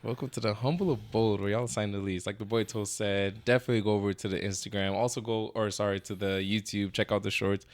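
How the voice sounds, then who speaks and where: Laid-back slangy man, low voice. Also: steady tone, fast, few pauses. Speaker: podcast co-host. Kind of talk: casual podcast chat.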